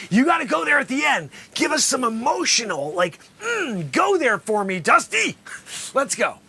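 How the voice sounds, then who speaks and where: Man, comedy sketch host, mock lawyer, theatrical, high-pitched. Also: sing-song, normal speed, breathy edge. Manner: theatrical, bursts into loud exclamations. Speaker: host playing a courtroom lawyer.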